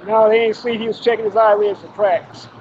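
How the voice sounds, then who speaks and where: A man joining a livestream panel as a guest, teasing the host with quick jokes. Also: high voice, level tone, muffled recording, noisy background. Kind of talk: casual livestream chat.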